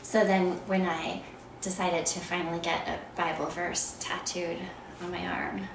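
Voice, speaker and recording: A woman sharing a personal story of faith in an unhurried, soft voice that often trails into a whisper. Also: fairly low pitch, level tone. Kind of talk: personal testimony talk. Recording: echoey room, voice from far off, background noise.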